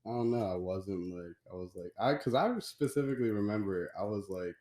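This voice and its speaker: A man's voice: lowish voice, brisk, mellow, echoey room. A young adult man who is a podcast guest, talking in a laid-back, rambling way during casual chat.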